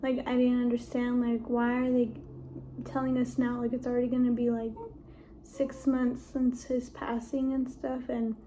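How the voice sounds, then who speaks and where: A young woman vlogger telling a personal story to the camera in a halting, emotional way, filling her speech with "like". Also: on the high side, completely flat delivery, mellow, a little hiss or hum. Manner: heavy use of "like", halting and emotional.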